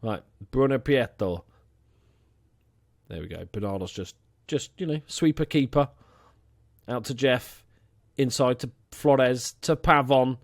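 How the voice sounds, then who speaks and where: A young man casually commentating his own football management game, chatty and excitable, swearing now and then. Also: medium pitch, unhurried, pauses often, dry recording, clean studio sound. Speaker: let's play host.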